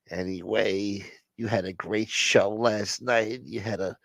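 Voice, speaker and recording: Fawning, gushing woman fan, played by a man in a low gravelly voice, dry close mic. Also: dry recording.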